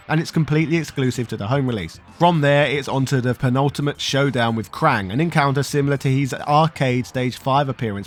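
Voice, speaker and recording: A man with a slightly raised voice narrates a scripted video game documentary. His delivery is playful and punchy, full of wry asides, with soft music running quietly underneath. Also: a little high.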